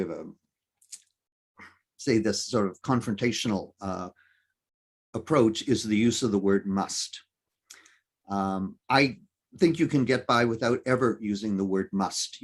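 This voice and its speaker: A man giving a presentation talk, emphatic and lively, with many fillers and self-corrections. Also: mid-range voice, husky. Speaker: conference speaker.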